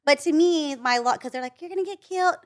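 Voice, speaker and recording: A woman's voice: high-pitched, quick pace. A young woman telling a dating story in casual chat, rambling with lots of likes and restarts. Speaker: guest.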